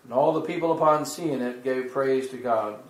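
A man's voice: medium pitch, a little hiss or hum. Man reading scripture in an echoey church. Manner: measured, declamatory reading with a slip and restarts.

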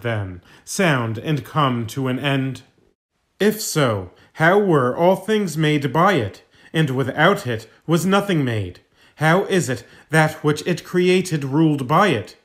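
Brief: male reader, slightly high voice, slow and solemn, reading a sermon aloud. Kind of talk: scripted reading of a sermon text.

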